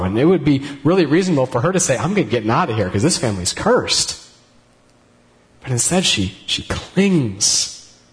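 Lively male Bible storyteller. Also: mid-range voice. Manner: animated storytelling, acts out characters' words. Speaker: Bible teacher. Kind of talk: casual Bible teaching.

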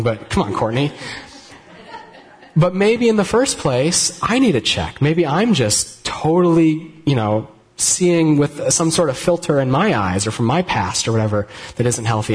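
A man's voice: medium pitch, lively intonation, moderate pace. Conversational man preaching a sermon. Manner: conversational, self-correcting, gently humorous. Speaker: pastor. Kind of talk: sermon with live demonstration.

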